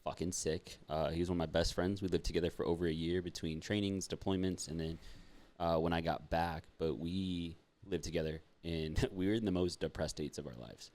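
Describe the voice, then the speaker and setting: A man's voice: deep voice, steady tone, brisk, hardly any pauses, darkish tone. A young man hosting a podcast in casual chat, joking and swearing freely. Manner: swears freely, laughs and jokes. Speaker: podcast host.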